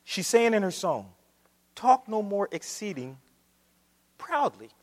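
A male pastor delivering a sermon in a church. His voice sits high and moves all over the place, falling to near-whispers before climbing to full shouts. A long reverb trails every phrase. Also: very animated, slow. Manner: preaching with swings from quiet to shouting.

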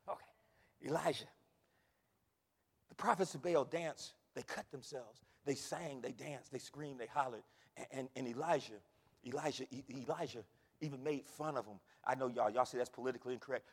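A male pastor preaching a sermon, swinging from hushed asides to shouted calls. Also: medium pitch, fairly quick, slightly rough, long reverb tail.

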